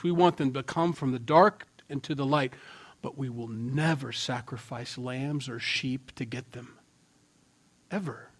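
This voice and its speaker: A middle-aged male pastor preaching a sermon with emphatic bursts and quiet asides. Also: medium pitch. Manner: emphatic, swings from loud to hushed.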